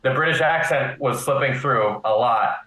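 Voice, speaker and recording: A man on a casual live panel chat, making his points deliberately and with firm opinions. His voice is bright and rings out in a roomy, echoey space. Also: medium pitch. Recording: roomy echo.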